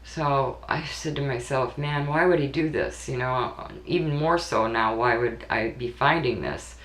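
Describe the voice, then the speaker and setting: A mother telling a deeply personal story in an earnest, emotional way, often repeating her words. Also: measured pace, fairly bright tone. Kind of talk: personal spoken recollection. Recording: echoey room recording.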